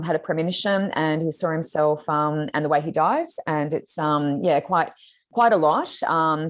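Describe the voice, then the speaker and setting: A woman co-hosting a podcast, telling stories in a chatty, excitable way with lots of fillers. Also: sits low. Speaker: psychic medium podcast co-host. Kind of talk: casual chat.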